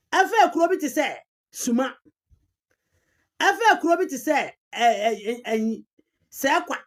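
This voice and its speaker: Woman, Ghanaian accent, emphatic argumentative commentary, animated pitch. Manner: emphatic, repeats key terms, mixes Twi with English. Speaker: commentator on chieftaincy history.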